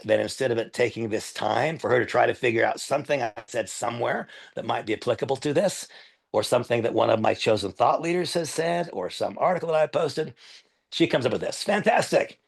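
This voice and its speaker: Older man, gravelly husky trainer voice. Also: medium pitch, fairly quick. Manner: earnest, emphatic, repeats key points. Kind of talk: live training demo. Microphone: headset.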